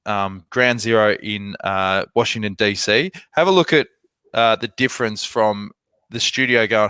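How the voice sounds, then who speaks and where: Chatty man, smooth dry voice. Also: lowish voice, normal speed, bright, forceful tone, dry recording. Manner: chatty storyteller, acts out exchanges. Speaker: podcast co-host. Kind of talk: casual chat.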